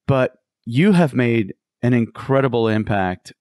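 A man's voice: mid-range voice, expressive, a little slow, a little mellow, dry recording, clean studio sound. A man hosting a podcast interview, talking in an enthusiastic, exclamatory way. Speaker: podcast host.

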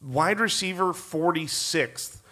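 A man co-hosting a live podcast on a theater stage, talking in an energetic, fast and emphatic way. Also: on the high side. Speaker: podcast co-host. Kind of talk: live podcast banter before an audience.

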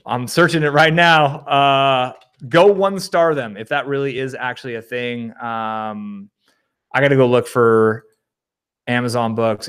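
A man hosting a live stream, reading viewer comments and answering in a rambling, animated way. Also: medium pitch, moderate pace. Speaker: livestream host. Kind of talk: casual live Q&A.

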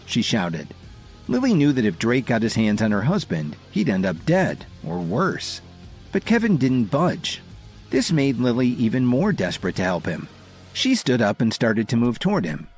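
A man narrating a dramatic audio story in a scripted, expressive manner. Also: fairly low pitch, moderate pace, faint music behind.

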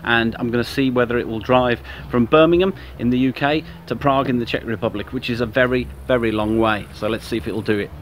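A man's voice: mid-range voice, steady tone, fast, few pauses. Chatty man vlogging from a car. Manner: chatty, self-mocking, joking. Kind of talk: casual road-trip vlog. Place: inside a car while driving. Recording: noisy car interior.

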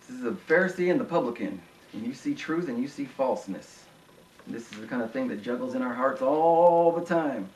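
A man preaching a sermon with impassioned delivery, rising to high emphatic peaks. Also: expressive, fairly quick, darkish tone, a little hiss or hum. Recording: echoey room, voice from far off.

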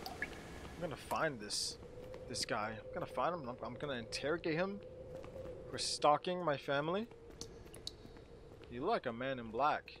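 A man playing a horror game and commenting to himself in a jumpy, excitable way, with game music behind him. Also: mid-range voice, moderate pace, pauses often, noisy background. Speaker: gaming channel host. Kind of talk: let's play commentary.

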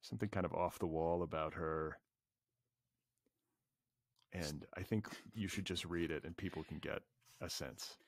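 A man hosting a podcast interview, relaxed and searching for his words. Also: low voice, a little slow, pauses often, no echo, clean studio sound. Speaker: podcast host. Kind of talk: casual interview chat.

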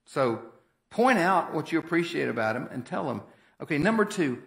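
A man's voice: a little high, very animated, normal speed, creaky. A man preaching a sermon as pastor, in a folksy, conversational and emphatic way. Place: church sanctuary. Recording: echoey church hall.

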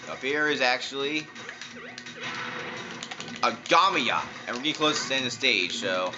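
A man's voice: mid-range voice, animated, moderate pace. A man giving casual, jokey let's-play commentary, talking back to the game characters as he plays. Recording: dull lo-fi sound with loud game music.

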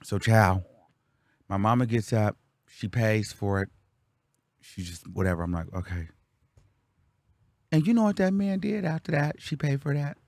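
A young man telling a story on his vlog, animated and loud when acting out what people said. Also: medium pitch, normal speed, no room sound. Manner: animated, acts out quotes loudly. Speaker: vlogger.

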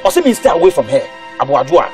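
A rapid, high-voiced complainer. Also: male voice, sing-song, warm tone, soft background music. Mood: complaining. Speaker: actor in a film drama. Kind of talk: film drama dialogue.

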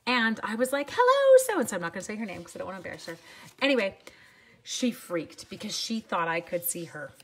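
A woman's voice: fairly low pitch, fast, fairly bright tone, breathy edge. A woman, hosting a casual live craft demo at home and chatting upbeat with viewers while she works. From Canada. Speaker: craft demonstrator.

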